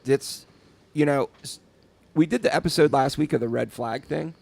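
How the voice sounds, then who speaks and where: Gravelly rambling man, casual chat. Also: fairly high pitch, moderate pace, a little mellow. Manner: rambling, repeats words, many fillers. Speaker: podcast co-host, tattoo artist.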